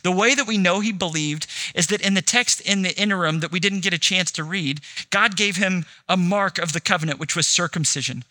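Bright, conversational male preacher. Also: high-pitched, brisk, few pauses. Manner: conversational, acts out dialogue in quotes. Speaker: pastor. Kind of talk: sermon.

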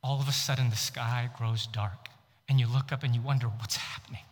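Pria berkhotbah dengan gema aula panjang. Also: male voice, medium pitch, fairly even intonation, fairly quick. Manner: vivid, shifts loud and hushed for drama. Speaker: preacher. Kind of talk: dramatic second-person sermon storytelling. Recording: long hall reverb.

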